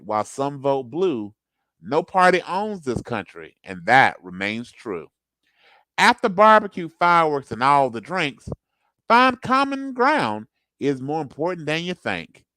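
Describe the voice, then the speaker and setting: A man's voice: a little high, a bit bright, dry recording, pitched above the performer's own voice, full character voice. A man voicing a patriotic male announcer who recites a comic rhyming ad in a sing-song, declaiming way.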